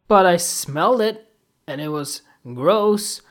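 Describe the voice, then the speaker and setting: A man hosting a podcast, telling funny everyday stories in a loose, animated and crude way, often laughing at himself. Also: sits high, a little slow. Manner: animated, giggly, crude, self-mocking. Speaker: podcast host. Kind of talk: casual comic storytelling.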